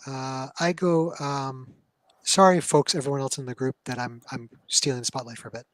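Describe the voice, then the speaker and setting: A man's voice: mid-range voice, fairly even intonation, normal speed, dry recording. A man playing in a tabletop game, chattily declaring what his character does. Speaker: player. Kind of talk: casual tabletop game talk.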